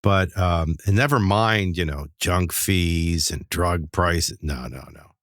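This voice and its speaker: A man who hosts a radio talk show, chatting about politics in an emphatic, incredulous, rapid-fire way. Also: deep voice, fairly bright tone, dry recording, clean studio sound.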